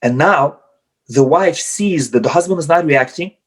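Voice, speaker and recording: A rabbi teaching about marriage over a computer microphone on a video call. His voice sits fairly high for a man, and he slips into the voices of husbands and wives to act out their arguments. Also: normal speed. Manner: acts out spouses' quarrels in quoted voices. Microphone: computer mic on video call.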